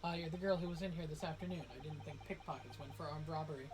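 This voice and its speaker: A man's voice: on the high side, steady tone, quick pace, lightly acted. Prim, fussy old pawnbroker, read by a man, formal speech, noisy mic. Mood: stern. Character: fussy elderly male pawnbroker.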